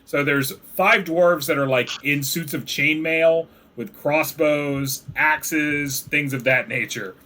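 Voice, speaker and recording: A man's voice: a little high, slow pace, hardly any pauses, pushed and bright. A man narrating as game master, describing scenes casually with many fillers.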